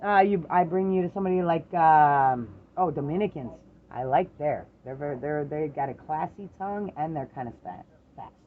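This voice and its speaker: A middle-aged parent in a casual chat with their adult daughter, telling lively stories, swearing freely and acting out the voices of the people in them. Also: mid-range voice, moderate pace, phone-quality sound, a little hiss or hum. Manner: animated storyteller, swears freely, acts out quoted voices.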